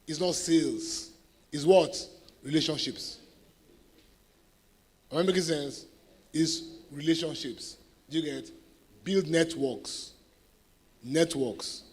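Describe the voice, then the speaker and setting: A middle-aged Nigerian man speaks to a sales audience in a fairly high voice. He tells his stories with animation. He keeps checking in with the crowd to make sure they follow. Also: slow pace, pauses often, slightly rough. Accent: Nigerian English. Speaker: guest speaker at a sales event. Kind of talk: motivational talk to an audience.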